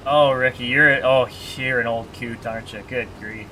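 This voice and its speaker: Bright-voiced chatty male game streamer. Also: medium pitch, steady tone, moderate pace, slight background noise. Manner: chatty, joking, reads chat aloud. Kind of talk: casual live-stream chat.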